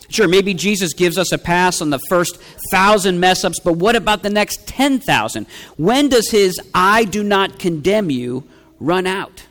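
A man's voice: high voice, lively intonation, a little slow, fairly bright tone, in a large hall. A man preaching a sermon as a pastor, earnest and rhetorical, driving points home by repeating lines.

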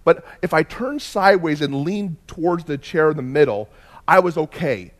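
A man preaching as a pastor in a church, telling a personal story in a lively way, moving from quiet asides to loud bursts. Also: fairly high pitch, moderate pace. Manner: animated storyteller, swings from hushed to loud.

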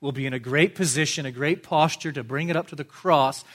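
A man's voice: a little high, brisk, fairly bright tone. A man preaching an expository sermon as pastor, structured and emphatic, repeating phrases for stress. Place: church.

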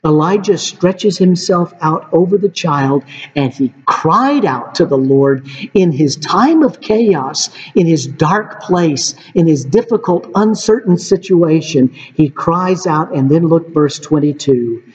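Man, pastor, earnest sermon, fairly high voice, muffled lo-fi reverberant recording. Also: animated, takes it slowly, a little mellow. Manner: earnest, repeatedly addresses listeners as friends. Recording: dull reverberant hall recording.

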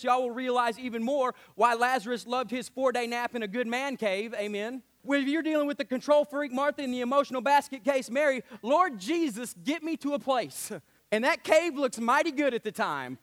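Pastor guy preaching, really high voice, animated, keeps saying amen. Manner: animated preaching with put-on whiny voices and frequent amens. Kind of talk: sermon. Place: church sanctuary.

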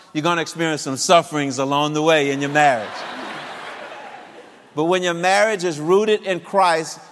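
A man in his fifties telling a personal story to an audience of singles in an animated way, often laughing. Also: fairly high pitch, big-room sound. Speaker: speaker addressing singles.

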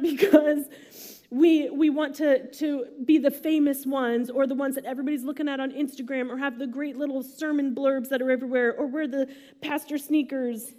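A woman's voice: high voice, mellow. A woman preaching a sermon in a casual, chatty way, using slang and asides. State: emotional, near tears. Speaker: pastor.

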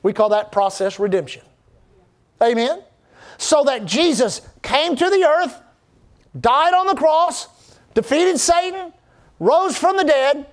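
High-voiced preacher, fervent and rousing. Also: male voice. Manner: fervent preaching with call-and-response asides. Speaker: pastor. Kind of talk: sermon.

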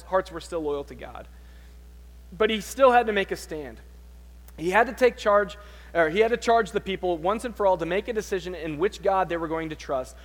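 A man preaching a sermon, reading scripture with dramatic loud peaks and dropping to quiet, conversational asides. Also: high-pitched, big-room sound.

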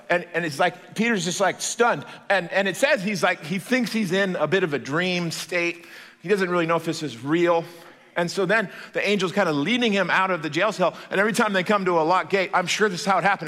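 Bright-voiced, animated male preacher. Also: sits high, fairly quick, in a large hall. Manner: animated, playful storytelling. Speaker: pastor. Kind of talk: sermon. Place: church.

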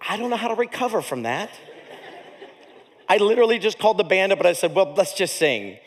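A male pastor tells a story from the pulpit with a high, very lively voice that leaps up and drops low. His delivery is comic and animated, with big swings in volume, and it rings out through a large hall with a long echo. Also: quick pace, slight background noise. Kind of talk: storytelling sermon.

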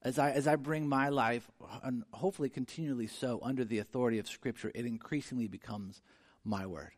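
A man preaching a sermon, earnest and conversational, moving from quiet reflection to emphatic, rising delivery. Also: medium pitch, fairly quick. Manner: conversational with frequent restarts. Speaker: pastor.

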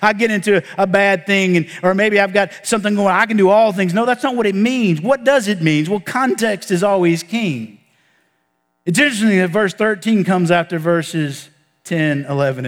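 A man pastor preaching a sermon with emphasis, rising to animated peaks and sinking to low hushed stretches. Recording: long hall reverb.

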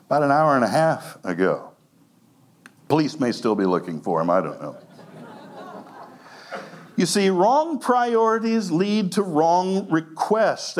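A man preaching a sermon as pastor, animated, laughing often and acting out quoted lines. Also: a little high.

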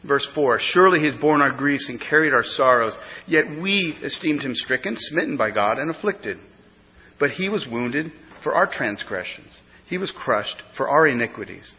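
Emphatic preacher in an echoing church. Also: male voice, mid-range voice, animated, normal speed. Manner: emphatic preaching, swinging from loud to hushed. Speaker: pastor. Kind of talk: sermon. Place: church sanctuary. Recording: dull lo-fi sound with long hall reverb.

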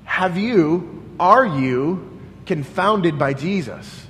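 A man preaching a sermon in an earnest, searching manner, his voice high and his delivery slow. He restarts his sentences often as he works through his questions. The sound carries a long hall reverb over a faint low rumble. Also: lively intonation, a bit bright. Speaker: pastor.

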